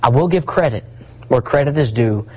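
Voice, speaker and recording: A man preaching a sermon, swinging between hushed asides and rising, emphatic repetition. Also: medium pitch, lively intonation, normal speed, breathy edge, rough recording.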